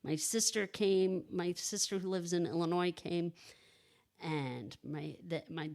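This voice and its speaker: A woman in her thirties with a somewhat low speaking voice tells a personal story in a casual podcast chat. She talks in halting bursts, restarting sentences and filling gaps with "like" and "you know.". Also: vocal fry, darkish tone. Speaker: podcast co-host telling her own story.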